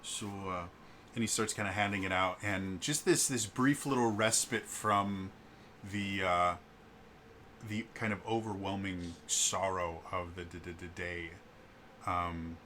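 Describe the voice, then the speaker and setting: A man narrating as game master of a tabletop game, talking in a halting, stumbling way. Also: deep voice, fairly even intonation, sharp tone, slight background noise.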